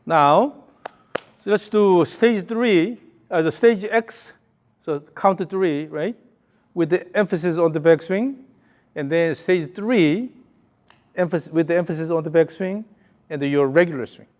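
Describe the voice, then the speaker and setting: Guy coaching golf, kinda high voice, short repeated cues, hums the rhythm. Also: a little slow, pauses often, a little mellow. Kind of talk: hands-on coaching session.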